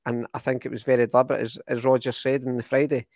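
Brief: young Scottish podcast co-host, enthusiastic rambling match talk, dry close sound. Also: male voice, medium pitch, level tone, fast talker, darkish tone, no echo. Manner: rambling, restarts often, enthusiastic. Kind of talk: casual football chat.

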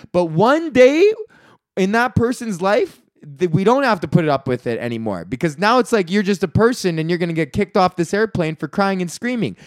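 On his own podcast, this comedian from Canada, in his thirties, rants alone with plenty of swearing and a string of rhetorical questions. He speaks in a high-pitched voice, recorded at studio quality with no room sound.

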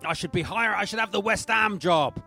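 A man's voice: high voice, a little fast, vocal fry, sharp tone, soft background music, pitched above the performer's own voice, heavily acted. A man playing a boastful, chirpy football manager posing as a secret agent, with a put-on Cockney accent and lots of slang.

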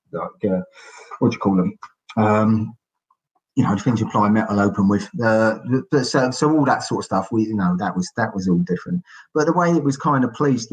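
A man's voice: lowish voice, low-quality recording. A middle-aged man, a guest on a casual podcast who tells stories chattily and acts out quotes. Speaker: guest author.

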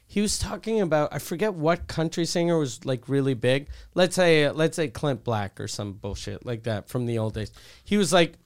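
Guy cohosting a podcast, kinda high voice, swears a lot, dry storytelling. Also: smooth. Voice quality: profane, wry storyteller. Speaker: podcast co-host. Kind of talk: casual podcast banter.

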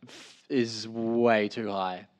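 A man's voice: on the low side, steady tone, takes it slowly. Joking Australian man, rambling chat. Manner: rambling, jokey, laughs often. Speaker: podcast co-host. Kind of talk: casual podcast chat.

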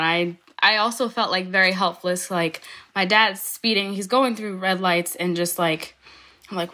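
A young woman recounting a frightening family moment, in quick anxious bursts. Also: medium pitch, steady tone, bright, forceful tone. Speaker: daughter recounting a birth. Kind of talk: storytelling interview.

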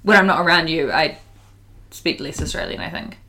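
A young woman co-hosting a casual podcast chat, reacting quickly and laughing often. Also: sits low, bright, forceful tone. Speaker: podcast co-host.

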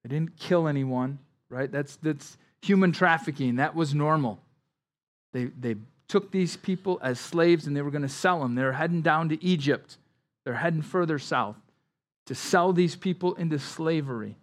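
A man pastor preaching a Bible-study sermon in a conversational way, dropping quiet on somber lines and rising on emphasis. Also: moderate pace. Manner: conversational preaching, with frequent "like" and "right?" asides and repeated words; drops his voice low and quiet on somber lines, rises louder on emphasis.

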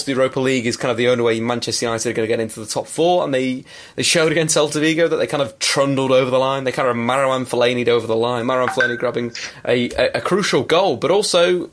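A man hosting a casual football podcast, talking in a chatty, opinionated way. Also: fairly high pitch. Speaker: podcast host.

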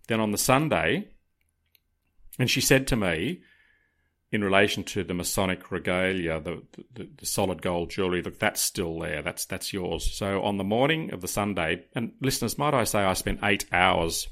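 Podcast co-host, male, lower voice, dramatic anecdote teller. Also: normal speed. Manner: animated, dramatic, addresses listeners directly. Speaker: podcast co-host telling a story. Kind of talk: casual storytelling to listeners.

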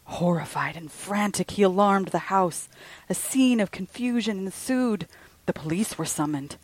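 Slow breathy woman telling ghost stories. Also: mid-range voice, no room sound, low-quality recording. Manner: slow, breathy, with soft hushed passages. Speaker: podcast host and storyteller. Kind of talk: reading a ghost story aloud.

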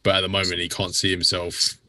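Deep-voiced man chatting bluntly. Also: monotone, bright, forceful tone, no echo. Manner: blunt, laughs along, quick interjections. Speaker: podcast co-host. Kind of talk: casual football chat.

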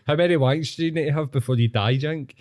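A man's voice: fairly high pitch, quick pace, a little mellow, dry recording, studio quality. Teasing Scottish man bantering. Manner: teasing, crude banter with frequent laughs. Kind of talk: casual chat.

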